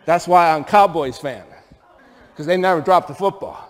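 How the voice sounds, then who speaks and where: A middle-aged pastor from upstate New York preaches a sermon in a church sanctuary, his voice on the high side at a moderate pace. He tells stories and fires rhetorical questions at the congregation, and the recording carries a long church hall reverb.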